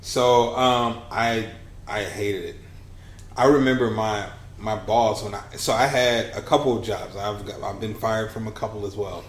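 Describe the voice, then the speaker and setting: Animated storytelling man, roomy sound. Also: fairly low pitch, a little slow. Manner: animated, acts out quoted dialogue. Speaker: podcast guest, business coach. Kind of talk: conversational storytelling. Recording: roomy with faint hiss.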